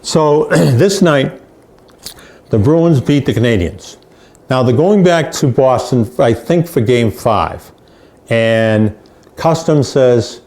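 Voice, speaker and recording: An older male sports reporter spins his stories with an anecdotal, repetitive flow. His voice is mellow and dark. His pitch sits in an average range for a man. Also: animated, takes it slowly. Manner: anecdotal, repeats phrases for emphasis. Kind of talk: storytelling.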